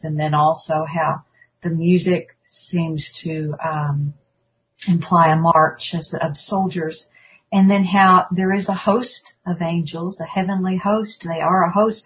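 A woman's voice: lowish voice, level tone, unhurried, a little hiss or hum. A woman in a religious discussion, reflecting aloud on scripture in a musing way, on a dull lo-fi recording. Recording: dull lo-fi sound.

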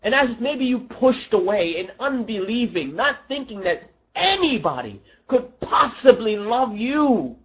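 A preacher delivering an emotional, pleading sermon full of rhetorical questions, dropping low and soft at tender moments. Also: big pitch swings, unhurried, hardly any pauses, lo-fi sound.

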